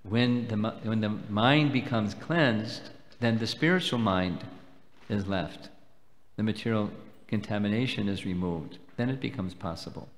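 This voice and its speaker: A man giving a devotional lecture at a festival, explaining slowly and deliberately and taking questions. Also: fairly low pitch. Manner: measured, explanatory, slow and deliberate. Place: temple hall. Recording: long hall reverb.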